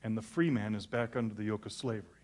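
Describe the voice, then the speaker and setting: A male pastor preaching a sermon, telling a funny story in an animated way, full of stammers and restarts, and poking fun at himself. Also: on the low side, fast talker.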